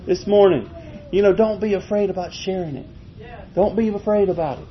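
A man preaching a folksy, animated sermon, chuckling as he tells stories. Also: a little fast. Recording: muffled, low-fi with faint noise.

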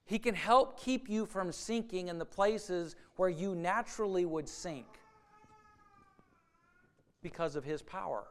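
A man delivering a sermon, earnest and plain-spoken, who stumbles and repeats words as he presses his point. His voice sits high and sounds clear and resonant. He slips into the voices of doubters to make his case. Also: a little slow, pauses often. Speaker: preacher.

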